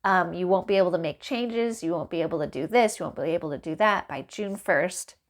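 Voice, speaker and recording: A woman vlogging casually to camera, animated and exasperated, laughing and acting out the exchanges as she tells them. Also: fairly low pitch, fairly quick. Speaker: small business vlogger. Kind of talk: casual ranting vlog to camera.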